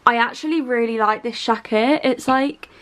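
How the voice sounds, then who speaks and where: A woman's voice: a little high, normal speed, fairly bright tone. A young woman with an English accent chatting casually to camera at home, rambling with lots of ums and likes. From England. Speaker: vlogger.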